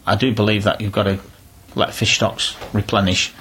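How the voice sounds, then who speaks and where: A man's voice: lowish voice, little pitch movement, moderate pace, fairly bright tone, slight background noise. A middle-aged man talking casually in an interview, telling down-to-earth stories with frequent restarts. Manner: chatty, down-to-earth, rambling with restarts. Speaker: interviewee, angler.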